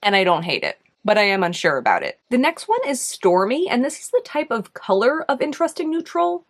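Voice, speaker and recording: A woman's voice: a little high, sing-song, a little fast. A young woman with a New York accent chatting casually as she reviews makeup, thinking aloud, hesitant and full of "like"s. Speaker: beauty video host.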